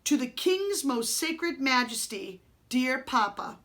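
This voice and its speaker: A woman's voice: high voice, expressive, slow pace, a bit bright, exaggerated voice. A woman voicing a clever, bold orphan boy from the streets who speaks firmly and commandingly.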